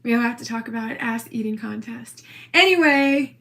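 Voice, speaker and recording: A woman's voice: on the high side, moderate pace, a bit bright. A woman ranting into her own video in a brash, profane, defiant way. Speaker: social media poster. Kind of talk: rambling self-recorded video rant.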